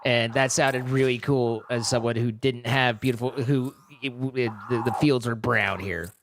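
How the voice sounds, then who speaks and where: A man's voice: medium pitch, fairly even intonation, moderate pace, background noise. A man streaming, chatting casually in a rambling, self-correcting way and laughing easily. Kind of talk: casual live-stream chat.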